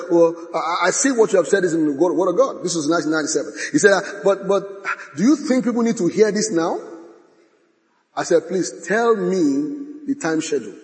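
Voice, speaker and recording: Male preacher, high voice, lively delivery, dramatic, hall reverb. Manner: dramatic, swings from shouting to hushed, acts out quotes. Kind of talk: sermon.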